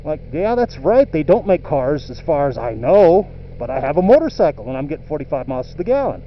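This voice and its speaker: A man's voice: on the high side, very animated, brisk. A man venting in a profane, exasperated rant while riding a motorcycle outdoors, filming his own vlog. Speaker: motorcycle vlogger. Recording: dull lo-fi audio with faint road noise.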